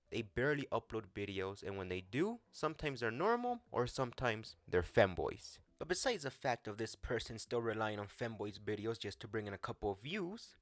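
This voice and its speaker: A man's voice: lowish voice, fairly bright tone, no room sound. A man hosting a casual commentary vlog, speaking bluntly and swearing now and then. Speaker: commentary channel host.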